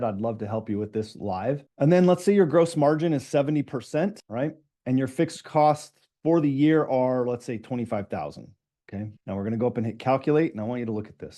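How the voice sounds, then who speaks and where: A fast-talking middle-aged man coaching business owners in a live online session. His voice is dark and mellow, and he sits in an average, unremarkable pitch range. He keeps checking in with the audience as he goes.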